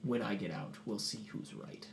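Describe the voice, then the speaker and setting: A man's voice: on the low side, normal speed, creaky, a crowd in the background, voice pushed down. A man doing a bitter beaten prisoner. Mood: defiant.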